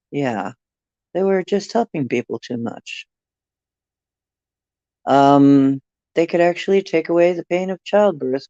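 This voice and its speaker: A woman's voice: lowish voice, mellow, dry recording, muffled recording. A woman hosting a casual livestream, musing and rambling while she answers viewer comments. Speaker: livestream host reading viewer chat.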